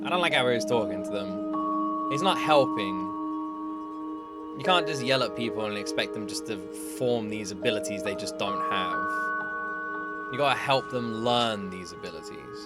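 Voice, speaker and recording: A young man, hosting a casual reaction video, animated and laughing often as he comments. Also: lowish voice, moderate pace, loud music behind the voice. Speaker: reaction channel host.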